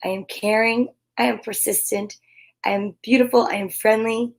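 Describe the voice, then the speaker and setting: A woman's voice: a little high, steady tone, moderate pace, a little hiss or hum, poor audio. Upbeat woman hosting kids' story time. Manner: upbeat, affirming, gentle. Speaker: host reading children's books. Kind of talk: children's story time chat.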